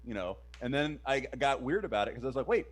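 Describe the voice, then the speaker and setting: A man in his thirties with a mid-range voice, co-hosting a casual streamed chat. He talks in a relaxed, hesitant way, with many fillers and pauses. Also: mid-range voice. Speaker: podcast co-host.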